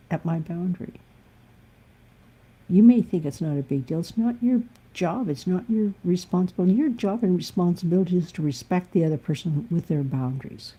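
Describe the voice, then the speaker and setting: A woman's voice: fairly low pitch, animated, moderate pace, mellow, husky. A woman musician talking candidly and bluntly in a live-stream monologue. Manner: blunt, emphatic, occasionally swearing.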